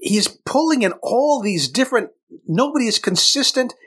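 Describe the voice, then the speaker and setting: A man's voice: very high voice, expressive, normal speed, fairly bright tone, slightly rough. A man co-hosting a casual comic book chat, with wry, matter-of-fact commentary. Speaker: podcast co-host.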